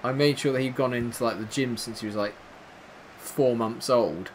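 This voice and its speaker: A man casually commentating his own football video game, muttering through menus and yelping high when chances come. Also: moderate pace, a little hiss or hum. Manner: swings from quiet mumbling to excited high-pitched yelps at goals. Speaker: gaming commentator.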